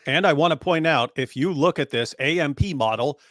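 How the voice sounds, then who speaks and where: A man's voice: fairly high pitch, brisk, fairly bright tone, no room sound, clean studio sound. A man arguing a point in a casual online discussion, often acting out quoted speech. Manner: argumentative, acts out quoted speech. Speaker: co-host.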